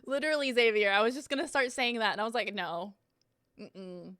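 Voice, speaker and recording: A woman's voice: a little high, fairly quick, a bit bright, dry recording, studio quality. A young woman streaming at home, chatting casually in a giggly, rambling and self-deprecating way as she reacts.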